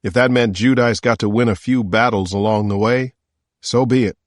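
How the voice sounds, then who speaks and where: Low male voice for a first-person thriller audiobook, calm, dry sound. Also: normal speed, dry recording. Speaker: audiobook narrator. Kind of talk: scripted narration.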